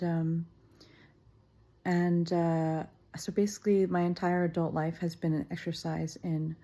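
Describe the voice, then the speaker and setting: A middle-aged woman with a low, mellow voice muses aloud at home. She talks in a fairly level tone, wry and self-deprecating, often pausing on "um". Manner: musing, wry and self-deprecating, many ums. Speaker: vlogger. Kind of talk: casual reflective monologue. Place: indoors at her childhood home.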